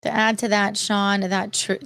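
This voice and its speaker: A woman's voice: mid-range voice, level tone, measured pace, creaky, fairly bright tone, dry recording. A woman co-hosting a casual podcast, arguing her point frankly with casual swearing. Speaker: podcast co-host. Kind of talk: casual chat.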